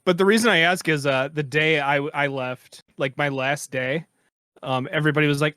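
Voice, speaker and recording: A man in his thirties, a podcast guest, chatting casually and telling animated stories with laughter. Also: fairly high pitch, brisk, no echo, clean studio sound. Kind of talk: casual chat.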